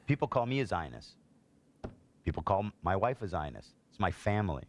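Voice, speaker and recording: Deep-voiced man ranting about online posts. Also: big pitch swings, a little fast, a little hiss or hum. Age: adult, a parent. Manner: exasperated, indignant, reads posts aloud. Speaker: streamer reacting to online posts. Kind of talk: heated political commentary.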